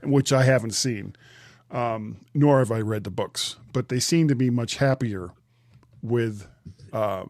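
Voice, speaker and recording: A man's voice: mid-range voice, unhurried, a little mellow, no room sound, studio quality. A man hosting a podcast, chatting casually and laughing easily. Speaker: podcast host. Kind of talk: casual chat.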